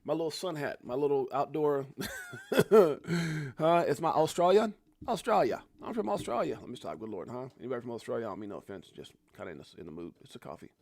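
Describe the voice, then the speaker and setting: A man's voice: medium pitch, animated, quick pace, darkish tone, no echo. Easygoing male livestream host, forties, conversational, dry mic. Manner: laid-back, chatty, calls viewers bro and fam. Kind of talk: casual live chat reading viewer comments.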